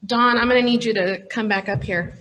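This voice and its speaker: A woman's voice: a little high, steady tone, a little fast, a bit bright, slight background noise. Choked-up woman giving a farewell speech. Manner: choked up, laughing through tears. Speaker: outgoing chapter president. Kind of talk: emotional farewell speech at an awards program.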